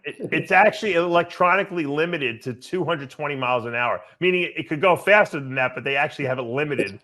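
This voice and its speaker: A man's voice: a little high, fast talker, sharp tone. A man hosting a casual podcast chat, rambling and repeating words as he restarts his sentences. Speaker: podcast host.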